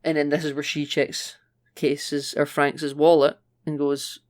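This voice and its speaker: A man's voice: a little high, little pitch movement, unhurried, a little mellow. A man co-hosting a podcast, chatting casually and retelling film scenes with frequent laughs. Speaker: podcast co-host. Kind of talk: casual film review chat.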